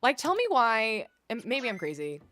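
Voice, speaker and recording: A woman's voice: fairly high pitch, big pitch swings, moderate pace, fairly bright tone. A young woman from the American Midwest with a Midwestern accent, chatting casually with viewers while streaming a game and drawing out words for drama. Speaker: gaming streamer.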